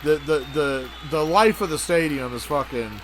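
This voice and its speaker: Brief: male podcast co-host, fairly high and bright voice, profane rambling storyteller, faint noise behind. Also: normal speed. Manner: crude, rambling, acts out voices.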